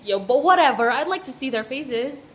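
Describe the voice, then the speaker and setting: A woman's voice: high-pitched, lively intonation, normal speed, a crowd in the background. A young woman vlogging casually into a handheld camera, chatty and giggly, rambling a little as she talks. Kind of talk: casual vlog chat. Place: hotel room and outdoor sights.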